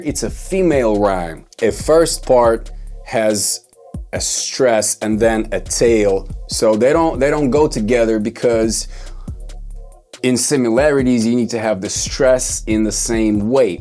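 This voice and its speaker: Slow, mellow man teaching rhymes. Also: fairly low pitch. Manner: thinking aloud, repeats words while working out rhymes. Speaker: songwriting teacher. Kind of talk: casual whiteboard lesson.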